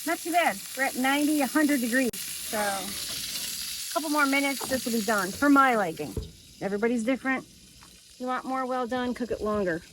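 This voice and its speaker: A woman's voice: high voice, expressive, moderate pace, noisy background. A woman hosting a casual cooking vlog outdoors, chatting and thinking aloud as she cooks. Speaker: cooking vlogger. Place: outdoors by a camper.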